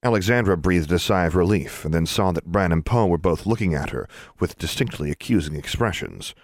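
A narrator with a very low voice reads a storybook aloud for an audiobook, even and measured. His pacing holds steady over long passages, and the sound is close and dry with no room sound at all.

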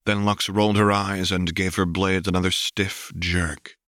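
Deep-voiced man narrating a story. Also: dry recording, studio quality. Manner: steady, measured storytelling. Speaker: audiobook reader.

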